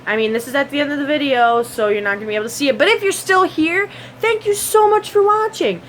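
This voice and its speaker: A woman talks straight into her camera, telling a story in a loose, rambling way full of "like" and "um". Her voice sits fairly high, and a faint hiss runs under the camera-mic sound. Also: animated, fast talker, fairly bright tone. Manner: chatty and rambling, with many fillers and sound effects. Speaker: vlogger.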